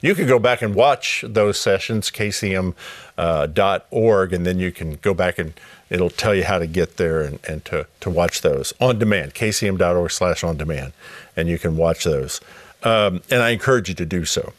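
A middle-aged man hosting a live Bible study broadcast, upbeat and welcoming, reading scripture aloud and repeating contact details slowly. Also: low voice, no echo.

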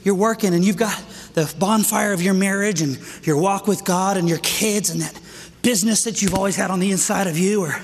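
A middle-aged man preaching a sermon to men, energetic and out of breath, calling for amens. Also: high voice, fairly quick, soft background music. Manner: energetic, calls for amens, asks "right?". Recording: echoey hall with long reverb.

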